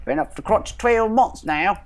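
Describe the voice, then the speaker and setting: A man putting on a deliberately bad Cockney accent as a jaunty, boastful bloke. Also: high voice, animated, slight background noise, voice pushed up. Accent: put-on Cockney.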